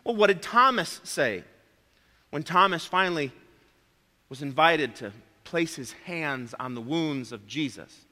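A man's voice: on the high side, lively intonation, a little slow, sharp tone, big-room sound. A man preaching a sermon, emphatic, repeating his key phrases and calling his listeners friends.

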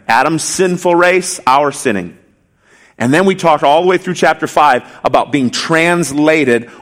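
A man's voice: fairly high pitch, a bit bright. A male pastor preaching an expository sermon, emphatic, asking rhetorical questions and repeating key phrases.

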